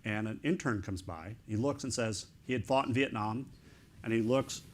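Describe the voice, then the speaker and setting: A middle-aged man, an author speaking as an interview guest, telling a story in excited, animated bursts of short fragments. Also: lowish voice, normal speed.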